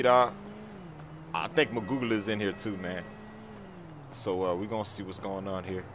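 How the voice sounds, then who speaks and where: A young man in excitable, slangy game role-play commentary with loud outbursts. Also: low-pitched, background noise. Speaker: gaming YouTuber.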